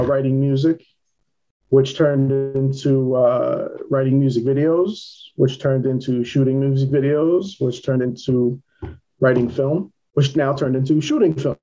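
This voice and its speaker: A man with a clear New York accent speaks in a plain, matter-of-fact way, answering questions in a casual interview. His voice is mellow and warm. The recording sounds dull and lo-fi. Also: medium pitch, unhurried. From Queens, New York. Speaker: filmmaker guest.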